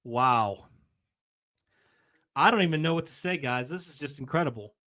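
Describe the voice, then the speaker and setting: Giddy, excitable young-sounding man streaming live. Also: a little high, moderate pace. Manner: excited, giddy, apologetic and rambling. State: recovering from a week of sickness, coughing.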